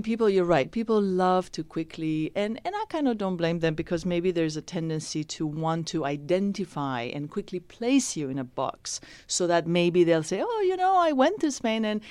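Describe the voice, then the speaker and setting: A woman's voice: lowish voice, darkish tone, smooth, dry recording. A woman actress answering interview questions in a reflective, thoughtful way, often restarting her sentences.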